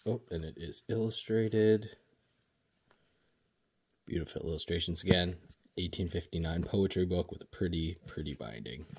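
Low-voiced guy showing off his new books, laid back, lots of ums. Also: background noise. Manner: relaxed, unhurried, many ums. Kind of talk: casual video chat.

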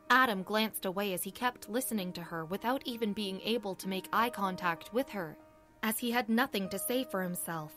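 A woman reads romance audiobook narration at a middle pitch. Her delivery stays steady and even. Soft music plays faintly behind her. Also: moderate pace.

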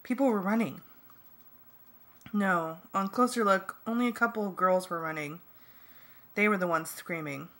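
Bright-voiced woman reading a novel. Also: medium pitch, moderate pace, pauses often. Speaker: audiobook reader. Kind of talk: first-person novel reading.

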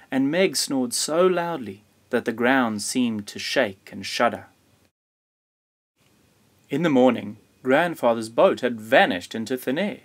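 Man reading a children's picture book. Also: mid-range voice. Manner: gentle, measured storytelling. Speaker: storybook reader.

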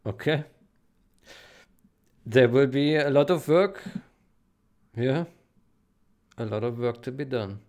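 A man with a gravelly, creaky voice at an ordinary middle pitch, talking casually and haltingly. He stumbles over his words and repeats phrases again and again, like someone overwhelmed with joy. It sounds like a quick, unscripted vlog recording. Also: darkish tone. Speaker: game modding developer.

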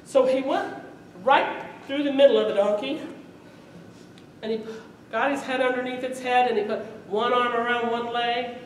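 A woman storyteller telling a folk tale to a live audience, lively and often laughing as she acts it out, in a festival hall. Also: fairly high pitch, moderate pace, a little hiss or hum. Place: event hall at a medieval arts festival. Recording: echoey hall from far off.

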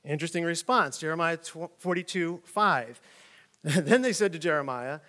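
A fairly high-voiced, middle-aged man leads a Bible lesson. He reads scripture aloud, then breaks into relaxed, chatty explanation with sudden loud emphatic jumps. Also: normal speed. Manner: conversational, animated, loud emphatic peaks. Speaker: Bible teacher. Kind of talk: casual Bible teaching, reading scripture aloud.

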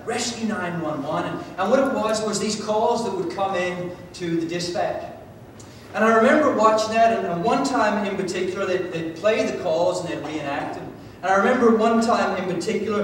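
A man from Georgia preaching a sermon, telling a story with drama, swinging from loud to hushed. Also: normal speed. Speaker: pastor. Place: church sanctuary. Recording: echoey church hall from far off, faint rumble.

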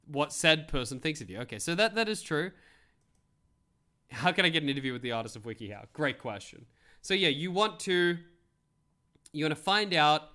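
A man with a fairly high, bright voice does casual stream commentary. His pitch swings widely as he rambles wryly, reading how-to steps and answering his chat. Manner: wry, rambling, reacts to chat and pictures.

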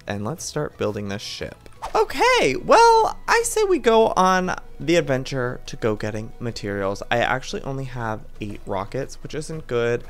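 A man giving lively, theatrical gameplay commentary as a channel host, talking to the game's creatures with mock outrage. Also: mid-range voice. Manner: animated, theatrical, talks to game mobs with mock outrage.

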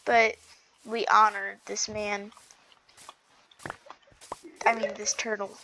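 A woman chatting casually while playing a video game, excitable and giggly, gasping and stammering as she goes. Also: medium pitch, slow pace, slight background noise, rough recording. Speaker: gaming video host. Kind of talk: casual gameplay chat.

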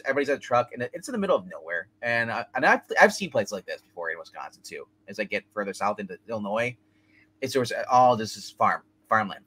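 A man's voice: medium pitch, bright, forceful tone. A man hosting a movie review podcast, rambling through a plot recap with lots of fillers and laughs. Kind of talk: casual chat.

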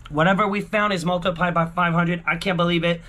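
A man vlogging a lottery scratch-off, talking excitedly to his viewers, repeating exclamations and swinging from hushed murmurs to yelling. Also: high voice, fast talker. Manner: exclamatory, keeps repeating himself and calling out to viewers. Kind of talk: excited casual vlog commentary.

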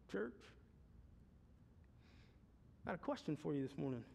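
A pastor in his forties preaching a sermon, swinging between loud preaching and hushed questions, often stammering and repeating words. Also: fairly high pitch, sing-song, racing, vocal fry, hardly any pauses, breathy edge. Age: 40s. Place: church sanctuary. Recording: long reverb of a church hall.

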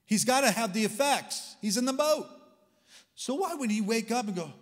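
A man preaching a sermon in a church, talking in an animated, conversational and humorous way with sarcastic asides. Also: high-pitched, a little fast, in a large hall. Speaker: guest preacher. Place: large church hall.

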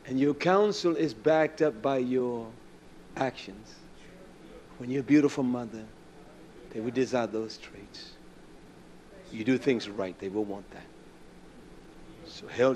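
A man preaching a sermon in a blunt, scolding way, dropping to a hush and then rising loud and emphatic. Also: mid-range voice.

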